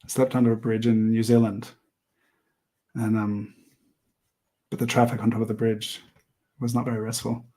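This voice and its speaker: A man hosting an art livestream, chatting casually while he sketches, rambling with many pauses and small laughs. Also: on the low side, flat delivery, dark tone. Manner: rambling, hesitant, laughs often. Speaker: livestream host and artist.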